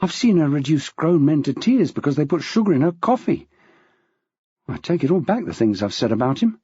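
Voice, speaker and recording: Man voicing a wry policeman, lively, dull dry sound. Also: on the high side, fairly quick, slightly rough, no room sound, exaggerated voice. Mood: admiring. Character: impressed male police officer.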